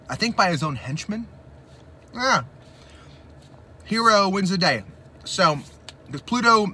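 A man rambling through a movie recap while his mouth burns from spicy chips, slipping into excited impressions. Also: fairly high pitch, slight background noise. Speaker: mukbang host.

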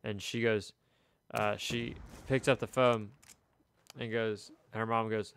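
Low-voiced young man telling a story. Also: level tone, moderate pace, vocal fry, a bit bright, a little hiss or hum. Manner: rambling storytelling with chuckles. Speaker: streamer. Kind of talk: casual chat while gaming. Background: faint video game gunfire.

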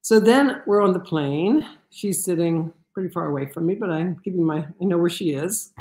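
Brief: woman speaker telling a lively personal story, slightly low voice, echoey room. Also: normal speed. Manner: animated, with many fillers and restarts. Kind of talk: storytelling talk.

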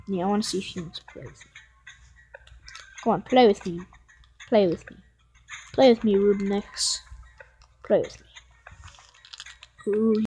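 Rambling excitable woman gaming vlogger. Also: mid-range voice, measured pace, long pauses, slightly rough. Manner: rambling, excitable, talks to viewers as guys. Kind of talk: gameplay commentary.

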